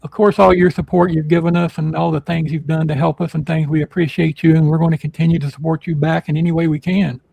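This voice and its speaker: A man hosting a casual live podcast, his voice pitched on the high side with a gravelly fry running through it. He rambles through announcements with plenty of "uh" and "you know." The sound is dry and close. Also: level tone, quick pace, hardly any pauses, dark tone, dry recording, poor audio. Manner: rambling, filler-heavy announcements. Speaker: podcast host.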